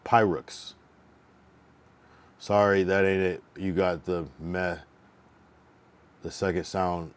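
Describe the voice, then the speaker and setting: Deep-voiced man practicing a word aloud. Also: flat delivery, slow, pauses often. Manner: repeats a word over and over to get the pronunciation right; loose and rambling, with many fillers and laughs. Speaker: livestreamer. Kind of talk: casual live-stream chat.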